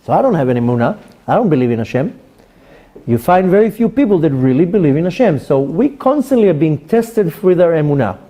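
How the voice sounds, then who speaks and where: A man's voice: fairly high pitch, fast talker. A man, a rabbi, teaching a Torah class to a live audience and acting out little dialogues as he goes. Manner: animated, acts out dialogues.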